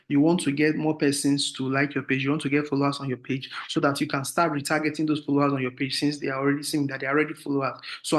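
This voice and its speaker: Man teaching an online class. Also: on the high side. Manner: explanatory, often checks with "do you understand?". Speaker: marketing instructor. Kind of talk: online class with screen share. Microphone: video call.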